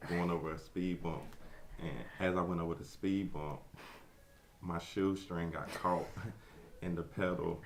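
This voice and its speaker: A man's voice: low-pitched, flat delivery, a little slow, slight background noise. A man from eastern North Carolina telling a childhood story plainly. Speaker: interviewee. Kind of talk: personal anecdote.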